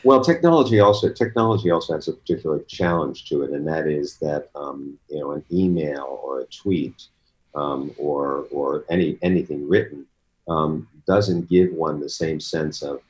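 Man, talk show guest, very deep voice, animated, explanatory, many fillers. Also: moderate pace, lo-fi sound. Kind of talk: casual talk show conversation.

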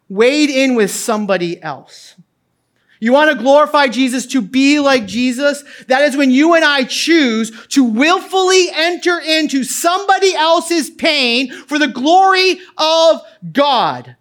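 A middle-aged man preaching a sermon as pastor, moving from hushed tones to loud calls, with casual asides. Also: very high-pitched, animated, unhurried. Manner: impassioned, swings from quiet to loud.

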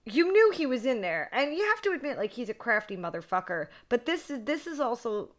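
A woman co-hosting a horror podcast, recapping a movie in casual, excitable chat, swearing freely and saying "like" a lot. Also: on the high side, a little fast.

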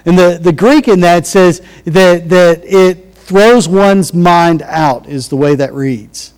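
Guy preaching a sermon, kinda high voice, talks casual, big echoey hall. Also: slow pace, a little mellow, clean tone. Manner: conversational, restarts and acted-out quotes. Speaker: pastor.

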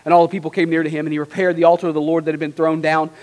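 A male preacher with a notably high voice, reading scripture to his congregation. He lifts his voice for the quoted lines and leans on rhetorical questions, tagging his points with a quick "right?". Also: flat delivery, darkish tone. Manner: reads scripture with dramatic emphasis, rising for quoted lines. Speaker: pastor.

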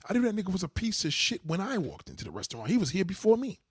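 A man hosting a livestream, delivering a profane, heated rant at his chat and swinging from low mutters to high outbursts. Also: wildly swooping pitch, racing, husky, dry recording, studio quality. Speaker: livestream host. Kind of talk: ranting monologue to a live chat.

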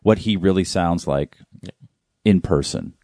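A man's voice: sits low, unhurried, mellow, no echo, studio quality. A man co-hosting a casual podcast, giving blunt, opinionated takes. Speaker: podcast co-host.

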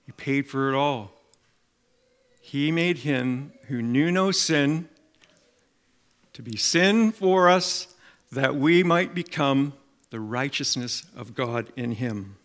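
Bright-voiced man preaching a sermon. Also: medium pitch, slow pace, pauses often. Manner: animated storytelling with acted quotes and emphatic appeals.

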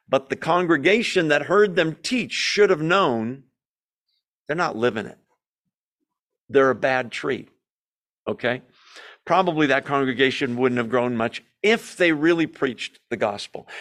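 A man's voice: medium pitch, a bit bright. A man teaching an evening Bible study, reading verses aloud with emphasis and putting rhetorical questions to the room. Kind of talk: sermon-style Bible teaching. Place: church room.

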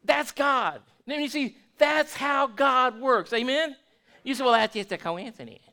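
Male pastor, high bright voice, folksy sermon delivery with lots of restarts. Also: a little slow, gravelly. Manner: folksy, repeats and restarts words, asks the congregation questions.

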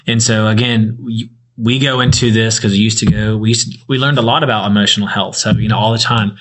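A man's voice: on the low side, fairly even intonation, fairly quick, fairly bright tone, low-quality recording. A young man in his twenties sharing a personal story in a casual group chat, rambling with many fillers. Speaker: group member.

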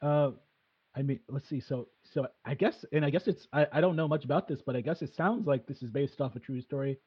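A man's voice: on the high side, brisk, husky, dull audio. A man hosting a casual chat, hesitant and full of fillers and restarts. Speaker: podcast host.

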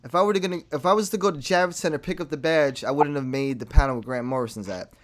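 A man telling a story in casual chat, animated and profane, acting out what people said. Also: on the high side, quick pace. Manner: animated, profane, acts out quotes.

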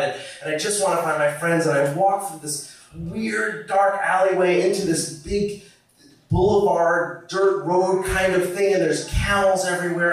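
A man telling a story on stage, animated and swearing, often laughing as he talks. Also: fairly high pitch. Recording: echoey hall, distant mic.

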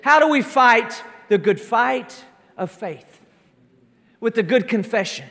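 A man preaching a sermon, emphatic, stacking repeated declarations that build up to shouts during a church service. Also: extremely high pitch, expressive, takes it slowly. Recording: long reverb of a large hall.

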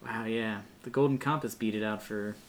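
A man's voice: lowish voice, steady tone, normal speed. A man hosting a podcast in casual chat, with a dry, sarcastic sense of humor. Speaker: podcast host.

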